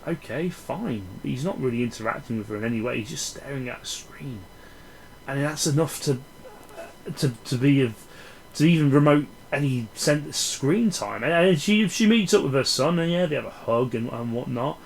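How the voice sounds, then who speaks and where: Man, rambling sweary film rant, sardonic, mid-pitched voice. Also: lively intonation, normal speed, gravelly, a little hiss or hum, poor audio. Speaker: film reviewer. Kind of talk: casual ranting film review.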